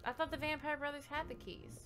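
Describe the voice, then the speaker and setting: A woman's voice: sits high, animated, brisk. A woman co-hosting a game stream in casual chat, blunt and sardonic, swearing freely. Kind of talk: casual chat while gaming. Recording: game music behind the voice.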